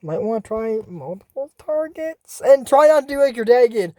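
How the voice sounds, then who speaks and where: A vlogger casually recapping a cartoon episode in a chatty, excitable way, full of fillers and restarts. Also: medium pitch, moderate pace, few pauses, no echo, studio quality. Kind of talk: casual rambling recap commentary.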